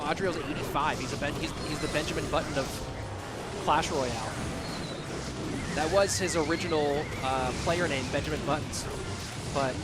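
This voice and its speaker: Male esports caster, a bit high-pitched, loose and joking, with music under his voice. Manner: chatty and joking, answers chat between plays. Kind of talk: live game commentary. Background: background music.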